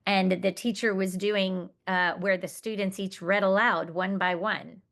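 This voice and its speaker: A woman's voice: medium pitch, fairly even intonation, measured pace, a bit bright. A woman giving a conference presentation, explaining research findings in an earnest, explanatory way and reading out quoted student words.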